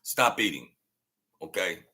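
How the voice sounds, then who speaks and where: A man's voice: low-pitched, expressive, measured pace, breathy edge. A middle-aged man hosting a livestream, talking bluntly and mockingly while reacting to chat, repeating himself and ranting. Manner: blunt, mocking, repetitive, rants loudly then laughs. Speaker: channel host. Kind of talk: livestream commentary reading chat.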